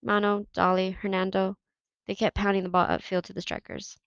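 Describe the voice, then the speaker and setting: Woman reading a kids novel out loud, low gravelly voice, dry dull recording. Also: flat delivery, fairly quick, dry recording. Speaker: reader.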